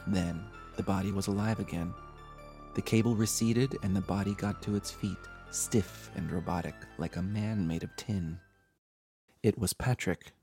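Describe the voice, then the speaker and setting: A man hosting a horror podcast, reading a scripted horror story with dramatic, measured delivery. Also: sits low, gravelly, mellow. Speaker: horror podcast host and narrator. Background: faint music.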